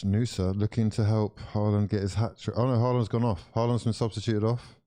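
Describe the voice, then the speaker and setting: A young man commenting live on a football match for viewers, excitable and full of exclamations as he chats along. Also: fairly low pitch, normal speed. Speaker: watch-along streamer.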